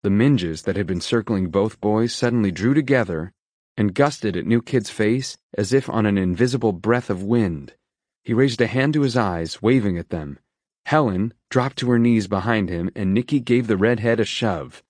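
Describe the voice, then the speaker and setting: Low-voiced male audiobook narrator. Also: moderate pace, a little mellow, no echo, studio quality. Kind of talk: scripted narration.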